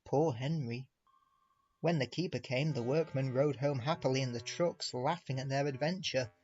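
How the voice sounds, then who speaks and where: A man narrating a storybook aloud, expressive and speaking to the listener directly. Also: mid-range voice, normal speed, dull audio. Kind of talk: storybook reading.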